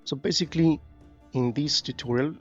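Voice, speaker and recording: A man with a gravelly, middle-pitched voice talks through a strategy game tutorial, reading the on-screen text and then loosely commenting with hesitations. The recording is a bit dull and lo-fi, with faint game music underneath. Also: normal speed. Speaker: gaming YouTuber. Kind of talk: casual gameplay commentary.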